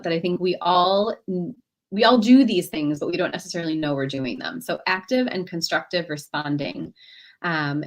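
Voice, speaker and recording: A woman, a clinical social worker, giving a workshop talk in a conversational way, often checking in with "right?" and acting out example dialogues. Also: on the low side. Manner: lively, acts out example dialogues in other voices.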